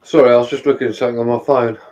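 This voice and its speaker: A man's voice: medium pitch, steady tone, very fast, a little mellow, highs cut off. Laid-back rambling man. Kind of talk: casual chat.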